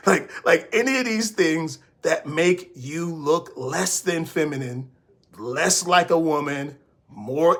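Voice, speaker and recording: A man giving casual, preachy dating advice to a live audience, now and then mimicking women in a high voice. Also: a bit bright. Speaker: dating coach. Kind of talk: casual livestream advice talk.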